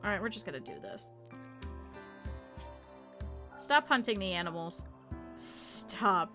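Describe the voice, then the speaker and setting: A woman's voice: mid-range voice, animated, slow, music in the background. A woman streamer commenting on her gameplay live, chatting with her viewers, scolding her characters and swearing freely.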